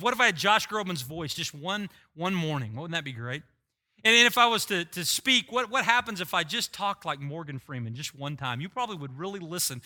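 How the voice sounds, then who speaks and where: A middle-aged man preaching a sermon, telling a self-mocking story with animated, humorous delivery. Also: on the high side. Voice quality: voice likened to a screaming rock singer. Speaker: pastor.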